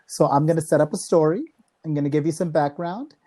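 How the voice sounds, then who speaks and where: A woman's voice: low-pitched, fast, mellow. A woman co-hosting a podcast in casual chat, bubbly and playful, laughing often. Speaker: podcast co-host.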